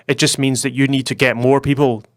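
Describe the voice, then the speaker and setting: A young Scottish man chats on a podcast in a loose, rambling way and laughs easily. His voice is smooth and clean. The sound is dry and close, with no room around it. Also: mid-range voice, flat delivery, no echo. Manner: chatty, rambling, quick to laugh. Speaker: podcast co-host. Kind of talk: casual podcast chat.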